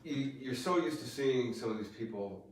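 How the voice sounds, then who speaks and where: A man hosting a show, interviewing a guest in a relaxed, chatty way. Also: mid-range voice, normal speed, slight background noise. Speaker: show host. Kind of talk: casual interview chat. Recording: echoey room, far from the mic.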